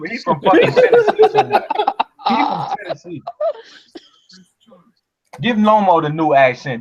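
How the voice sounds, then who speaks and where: A man co-hosting a casual fight chat, ranting with lots of swearing and animated emphasis. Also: fairly high pitch. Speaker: co-host. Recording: lo-fi dull audio.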